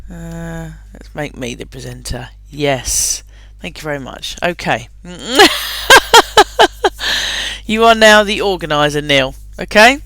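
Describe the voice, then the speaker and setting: A woman runs a live webinar in a chatty, upbeat voice, laughing often and filling gaps with ums. Her tone is bright and crisp, and the recording is dry and close. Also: deep voice, lively intonation, slow, dry recording. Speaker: webinar host. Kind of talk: live online webinar presentation.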